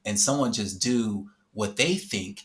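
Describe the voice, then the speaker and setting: A man hosting a podcast who drives trucks, adding his own experience in quick, run-on talk. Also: lowish voice. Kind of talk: casual podcast conversation.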